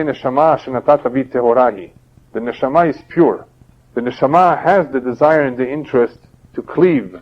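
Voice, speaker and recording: A man, a rabbi, giving a religious lecture and teaching through parables in a steady, explaining way. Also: mid-range voice. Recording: dull lo-fi older audio.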